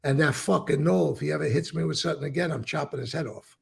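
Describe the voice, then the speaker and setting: A man's voice: a little high, quick pace. A man telling stories about his past in a casual interview, acting out what others said and swearing often. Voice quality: gravelly, husky voice. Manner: acts out quoted dialogue, repeats words, swears. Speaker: former mobster telling stories.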